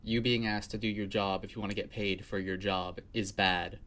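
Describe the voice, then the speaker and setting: A man's voice: fairly low pitch, steady tone, moderate pace, a bit bright. A man giving sarcastic commentary, rambling into dry asides and mock-casual answers. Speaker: video essay critic.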